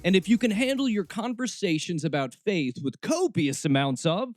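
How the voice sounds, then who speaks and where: A man's voice: sits high, big pitch swings, normal speed, faint music behind. A man hosting a snarky comedic podcast, talking sarcastically and slipping into mock voices. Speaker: podcast host.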